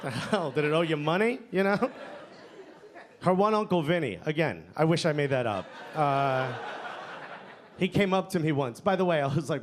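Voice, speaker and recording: A man's voice: fairly high pitch, expressive, brisk. A man performing a stand-up set on a comedy club stage, talking conversationally and often tagging lines with "okay?" or "you know?". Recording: live club, loud crowd laughter and noise.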